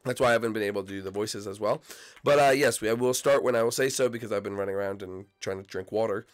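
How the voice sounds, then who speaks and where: A man with a cold hosting excitable, rambling gameplay commentary. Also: on the low side, quick pace. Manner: excitable, rambling, shouts out to friends. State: sick, coughing. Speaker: YouTube gaming host.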